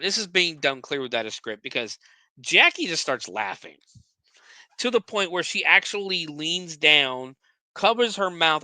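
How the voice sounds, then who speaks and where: A man's voice: fairly high pitch, bright, forceful tone, dry recording. A man hosting a podcast, recapping a movie scene by scene in a casual, profane, sarcastic way, often stumbling over his words.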